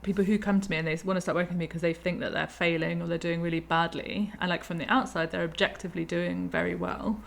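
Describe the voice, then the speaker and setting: A woman's voice: fairly low pitch, steady tone, quick pace, gravelly, hardly any pauses. A woman hosting a casual podcast conversation, chatty, laughing easily and backchanneling a lot. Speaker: host.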